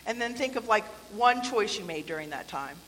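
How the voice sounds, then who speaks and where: A woman's voice: mid-range voice, lively intonation, normal speed, fairly bright tone, slight background noise. Woman preaching in a reverberant church. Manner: conversational, playful asides, acted-out quotes. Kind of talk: sermon. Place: church sanctuary. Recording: long hall reverb.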